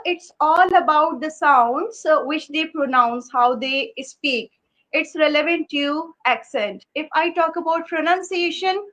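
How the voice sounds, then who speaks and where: Woman host, Urdu native, very high voice, hesitant questions. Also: a bit bright, rough recording. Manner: hesitant, many uh fillers. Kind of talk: interview questions.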